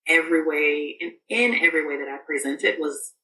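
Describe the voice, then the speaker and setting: A woman's voice: sits low, brisk, sharp tone, roomy sound, distant mic, slight background noise, low-quality recording. A woman guest on a podcast, telling a personal story in casual, rambling speech full of fillers and restarts.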